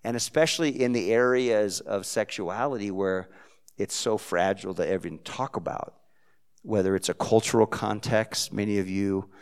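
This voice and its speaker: A man from Texas, a pastor preaching a sermon, telling a story in a heartfelt way that swings from quiet to loud. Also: on the low side, normal speed, clear, resonant tone.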